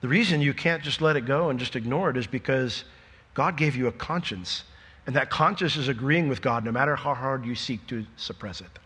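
A middle-aged man preaching a sermon, lively and joking, acting out imagined conversations before dropping to a quieter, earnest tone. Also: medium pitch, a little fast, slightly rough, long reverb tail. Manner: animated, jokey, acts out imagined dialogue.

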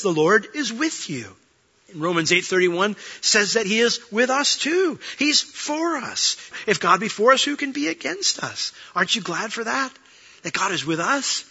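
A pastor preaching a sermon with expressive delivery, acting out quoted voices. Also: male voice, on the high side, slightly rough, lo-fi sound.

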